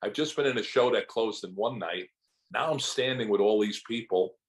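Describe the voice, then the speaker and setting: An older actor, speaking in a fairly low voice at normal speed, tells animated anecdotes in a casual interview, acting out what other people said to him. The audio is poor.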